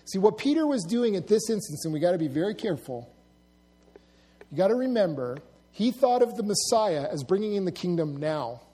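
Guy with a high voice walking through a bible passage, chatty and musing. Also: very animated, brisk, dark tone, slightly rough. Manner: conversational, musing, with asides and acted-out quotes. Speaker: Bible teacher. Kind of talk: casual Bible teaching.

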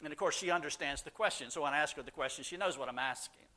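A middle-aged man telling stories to a live audience, animated, and loud when he acts out how his family talked. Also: a little high, very fast. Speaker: speaker answering audience questions. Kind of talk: casual talk to a live audience.

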